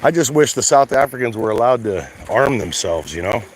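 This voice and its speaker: A man from the States talks in a blunt, rambling way, swearing freely as he vents. His voice sits at an ordinary middle pitch. He is outdoors by the water, with a faint hiss of background noise. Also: sing-song, fairly quick, rough recording. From United States. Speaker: vlogger. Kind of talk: casual outdoor rant to camera. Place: outdoors at a shoreline at high tide.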